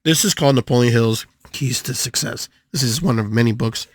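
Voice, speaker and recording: Animated older man, dry close sound. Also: dry recording. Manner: animated, with sudden jumps in pitch and drawn-out playful repetition. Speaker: podcast host and spiritual healer. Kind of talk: motivational talk to an audience.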